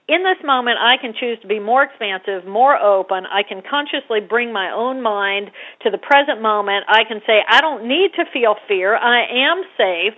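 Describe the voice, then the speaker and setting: Woman, interview guest, higher voice, animated explainer, acts out scenes, tinny phone-line sound. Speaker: guest brain scientist. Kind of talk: conversational explaining.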